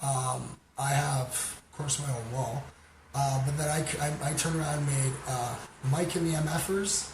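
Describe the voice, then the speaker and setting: A man from Canada hosting a livestream, chatting casually and giving shout-outs to viewers, rambling with many fillers. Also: mid-range voice, fairly even intonation, moderate pace. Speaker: livestream host. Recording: roomy sound with background noise.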